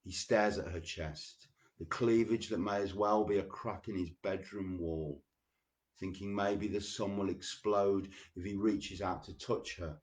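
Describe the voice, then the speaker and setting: A man hosting a show, reading poems slowly and deliberately and chatting loosely between them. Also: sits low, steady tone, a little mellow. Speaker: radio show host. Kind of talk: poetry reading with casual asides.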